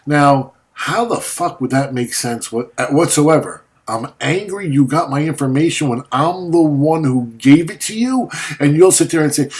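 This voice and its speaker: A man's voice: on the high side, expressive, normal speed, darkish tone. A man ranting at a rival in a video monologue, confrontational and mocking, swearing often, just after waking up. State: just woken up. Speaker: vlogger.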